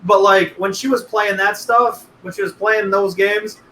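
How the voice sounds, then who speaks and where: A man's voice: high voice, steady tone, unhurried, bright, forceful tone, reverberant, a little hiss or hum, poor audio. A man co-hosting a podcast, telling rambling, profane stories in casual chat. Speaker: podcast co-host.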